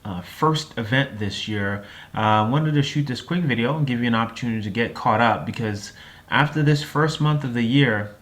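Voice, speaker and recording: A man's voice: mid-range voice, moderate pace, fairly bright tone. Chatty male coach talking to camera. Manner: chatty storyteller, many fillers and tag questions. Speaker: lifestyle and time-management coach. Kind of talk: casual promotional video talk.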